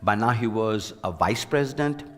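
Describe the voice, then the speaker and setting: A man and former university president tells an earnest personal story in an interview, lively whenever he quotes other people. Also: lowish voice, normal speed, in a large hall. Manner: earnest, anecdotal, animated when quoting others.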